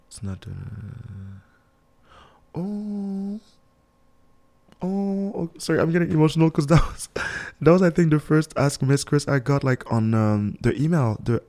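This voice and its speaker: A man's voice: on the low side, creaky, warm tone. A young man hosting a radio advice show, talking casually in an emphatic, preachy and motivational way and chuckling often.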